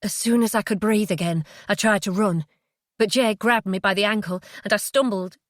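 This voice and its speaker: A woman reading a suspense audiobook in a measured, dramatic way on a close studio mic. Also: medium pitch, no echo. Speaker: audiobook narrator. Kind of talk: scripted narration.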